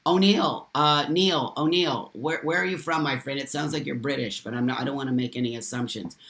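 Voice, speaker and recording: A man's voice: medium pitch, a little fast, creaky, a bit bright. Male live-stream host, impassioned and blunt with profanity, mid-range voice in an echoey room. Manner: passionate, emphatic, swears freely. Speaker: livestream host. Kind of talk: live stream talk, reading chat comments. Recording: roomy echo.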